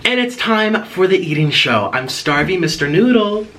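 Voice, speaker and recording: A man's voice: fairly high pitch, big pitch swings, moderate pace, bright, forceful tone. Playful, rambling man hosting an eating show. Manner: playful and rambling, chats to his pet bird and coos at it. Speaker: mukbang vlogger. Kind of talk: chatty eating-show vlog. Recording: distant mic with clear background noise.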